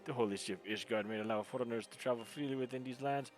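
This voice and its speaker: Reading game dialogue in voices, a man plays a proud, haughty knight commander with a put-on French accent, speaking formally and stiffly. His natural, medium-pitched voice moves fast over soft background music.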